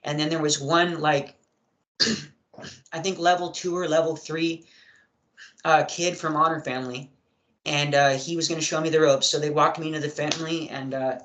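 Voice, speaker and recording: Young man, podcast guest, rambling storytelling, lots of fillers, throat clearing, slightly high voice. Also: fairly even intonation, moderate pace, pauses often, a bit bright. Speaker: interview guest. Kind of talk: casual storytelling in an interview. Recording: echoey room.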